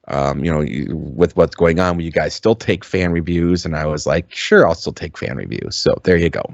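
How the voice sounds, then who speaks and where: Low-voiced rambling man on a podcast. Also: dry recording, dull audio. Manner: rambling, full of ums and restarts; swears freely. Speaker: podcast co-host. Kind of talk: casual chat.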